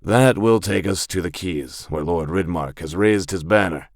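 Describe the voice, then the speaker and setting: A man's voice: sits low, moderate pace, vocal fry, no echo, studio quality. A man voicing a formal, noble male knight who speaks in stately, courtly phrases.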